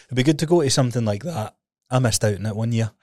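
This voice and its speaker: A man co-hosting a podcast, relaxed in conversation, laughing easily and asking short questions. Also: medium pitch, fast talker, dry recording. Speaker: podcast co-host. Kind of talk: casual chat.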